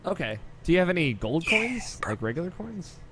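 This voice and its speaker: A man's voice: a little high, big pitch swings, moderate pace, a bit bright, breathy edge. A man co-hosting a casual gaming podcast, upbeat and teasing, swearing casually. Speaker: podcast co-host.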